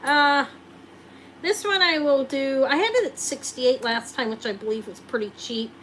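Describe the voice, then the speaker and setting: A woman's voice: sits high, moderate pace, a bit bright, slight background noise, poor audio. A woman hosting a live jewelry sale, chatting casually and joking while she shows rings.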